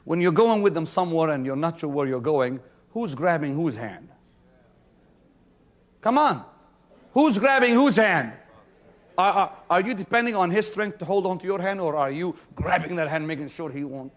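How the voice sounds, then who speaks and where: High-pitched preacher swinging from shouts to hushes. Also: male voice, lively intonation, fairly quick. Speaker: pastor. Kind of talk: sermon. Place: church before a congregation.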